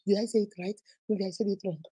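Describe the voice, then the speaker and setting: A woman's voice: mid-range voice, fairly even intonation, fast, mellow, breathy edge. A woman with a Nigerian accent hosting a relationship advice livestream, speaking emphatically and preaching directly to her viewers.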